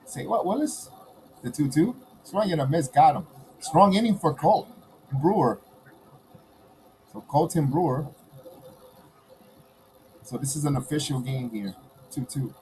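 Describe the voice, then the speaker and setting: A man with a New York accent hosting a casual baseball watch-along, calling pitches in a relaxed way and chuckling between them. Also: unhurried, long pauses, background noise. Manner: laid-back, chuckling between pitch calls. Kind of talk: casual play-by-play commentary.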